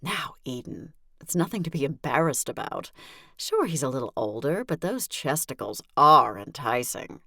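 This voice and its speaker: A gushing, flirtatious mother with a bossy streak, her voice pitched well up and sing-song, as a woman narrator puts her on. It is a close, dry audiobook read with no room sound. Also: expressive, normal speed, vocal fry, bright, forceful tone, no room sound, full character voice. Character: flirtatious, pushy middle-aged mother.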